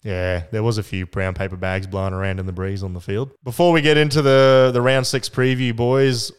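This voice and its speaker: A man's voice: fairly low pitch, little pitch movement, fairly quick, smooth, big-room sound. A man hosting a casual sports podcast, laid-back and teasing as he leads the questions. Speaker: podcast host.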